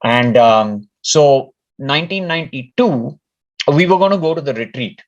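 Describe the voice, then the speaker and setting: A man's voice: medium pitch, lively intonation, normal speed. A man from India telling a personal story in casual talk, rambling and often restarting his words. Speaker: speaker sharing a personal story. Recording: dull lo-fi recording.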